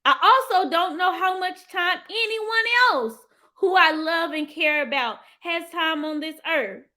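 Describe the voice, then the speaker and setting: A woman hosting a motivational live stream. She talks in an animated, heartfelt way, lets out sudden whoops and calls her viewers "y'all". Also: very high voice, a little slow. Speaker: livestream host and financial coach.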